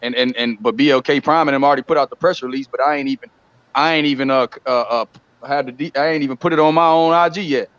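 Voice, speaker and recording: A man talking fast and heatedly on a live stream, ranting and mocking with quick impressions. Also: medium pitch, fairly bright tone, highs cut off. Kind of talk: heated casual talk.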